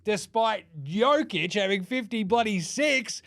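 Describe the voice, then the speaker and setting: An Australian man giving a comedic basketball ranking rant, mocking and full of quick jokey asides. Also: high-pitched, expressive, a bit bright. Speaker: basketball commentator.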